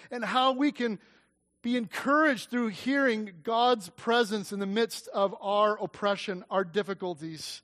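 High-voiced impassioned male preacher. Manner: impassioned, swings from loud emphatic peaks to quiet intimate asides; repeats phrases for emphasis, asks the congregation questions. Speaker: pastor. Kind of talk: sermon.

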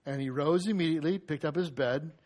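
A man preaching a sermon, retelling a scripture story in a lively, conversational way and acting out the lines. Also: a little high, brisk.

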